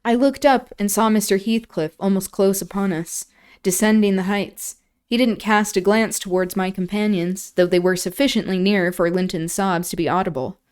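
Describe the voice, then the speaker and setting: A woman hosting a livestream, reading a classic novel aloud in steady narration with casual asides. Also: mid-range voice, normal speed, smooth. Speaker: streamer and host.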